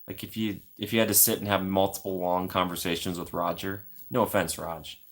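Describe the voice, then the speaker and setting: Low-voiced male streamer, laid-back and chatty, answers his chat from home. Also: flat delivery, a little fast, vocal fry. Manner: rambling, laughs often, talks to chat. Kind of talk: casual livestream chat.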